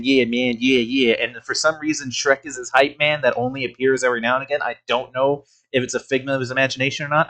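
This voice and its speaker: A man's voice: medium pitch, a bit bright. A man giving casual reaction commentary as a streamer host, laughing often, swearing, and restarting his sentences.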